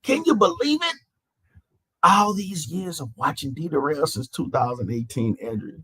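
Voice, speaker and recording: Stream host, male, slightly high husky voice, animated, mocking and profane, repetitive restarts. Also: moderate pace, dry recording. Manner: mocking, profane, repeats phrases with stammered restarts. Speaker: online panel host. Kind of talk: heated live-stream rant.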